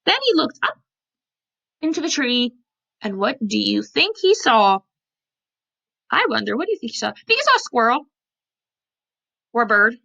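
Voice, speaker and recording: A woman preschool teacher reading a picture book aloud to young children, animated and often asking them questions, on a computer mic. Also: a little high, moderate pace, gravelly, pauses often. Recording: lo-fi computer recording.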